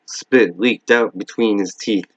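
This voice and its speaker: A man reading a novel aloud in a steady, measured way, in a dull lo-fi recording. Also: lowish voice, no echo. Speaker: reader.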